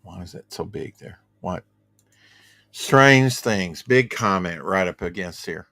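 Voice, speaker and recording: A man's voice: low-pitched, lively intonation, takes it slowly, gravelly, fairly bright tone, dry recording. A man hosting a casual livestream show, rambling about comics and reading viewer comments aloud from home. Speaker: podcast host.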